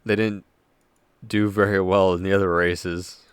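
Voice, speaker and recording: A young man co-hosting a casual racing podcast chat, tired from little sleep, relaxed and swearing freely. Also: sits low, a little slow, clean tone, no room sound. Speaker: podcast co-host.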